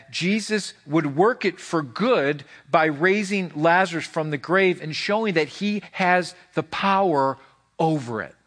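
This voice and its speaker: Male pastor, higher voice, fervent sermon delivery with repeats. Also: fairly bright tone. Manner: impassioned, repeats phrases, voices God in quotes.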